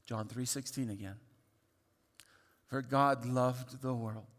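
A man, a pastor, delivering a sermon that moves from quiet reflection to loud, pleading emphasis. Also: mid-range voice, steady tone, slow pace, in a large hall.

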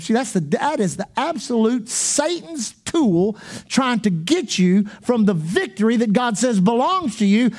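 Fervent high-voiced male pastor preaching. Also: very animated, unhurried. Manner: fervent, repetitive preaching, bursts of shouting. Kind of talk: sermon.

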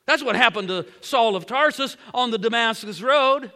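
High-voiced dramatic preacher. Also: male voice, moderate pace, few pauses, big-room sound. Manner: dramatic, repeats phrases, swings from whispers to loud. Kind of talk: sermon storytelling.

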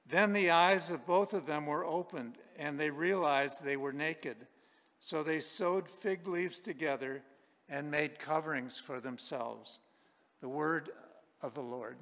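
A man with a fairly high voice reads scripture aloud, measured and deliberate. His words carry a long reverb, as if in a large hall. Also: a bit bright. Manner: measured, deliberate reading with small restarts. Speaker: scripture reader. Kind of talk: formal scripture reading.

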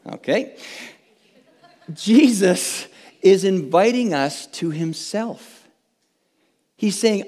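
A man's voice: high voice, animated, slow pace, pauses often, a little mellow. A man preaching a conversational sermon as pastor, earnest and chatty, often restarting and adding tag questions. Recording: long reverb from a large hall.

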